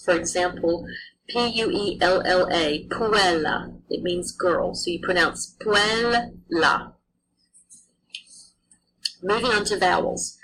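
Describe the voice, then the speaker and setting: A woman teaches pronunciation at a slow, deliberate pace, carefully sounding out each letter and example word. Her voice sits a little low. A faint hum runs under the recording. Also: a bit bright, low-quality recording. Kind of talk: pronunciation lesson.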